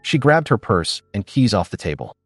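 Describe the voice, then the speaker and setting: A man giving scripted, expressive narration of a first-person story. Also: lowish voice, normal speed, breathy edge, faint music behind.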